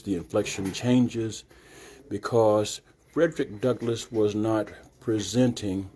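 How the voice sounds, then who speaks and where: An older man, a reverend and retired judge, introducing a reading to a live audience in an art gallery in a measured, explanatory way. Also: lowish voice, dark tone.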